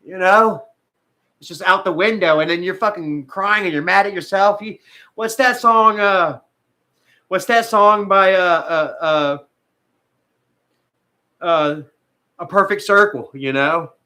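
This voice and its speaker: Emotional male streamer, high bright voice, rambling and profane, on the edge of tears. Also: slow pace, long pauses. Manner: rambling, frequent fillers, heavy swearing. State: tearful at times. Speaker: vlogger talking to live viewers. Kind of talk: emotional casual livestream talk.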